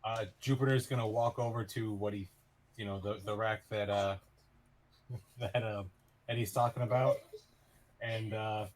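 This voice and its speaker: A man's voice: fairly low pitch, steady tone, measured pace, pauses often, poor audio. A man playing a tabletop game, describing his character's actions. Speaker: player.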